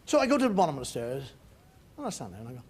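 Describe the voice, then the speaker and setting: A man performing a stand-up comedy monologue, animated and exasperated, sometimes breaking into shouts. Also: mid-range voice, racing. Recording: loud audience laughter and noise.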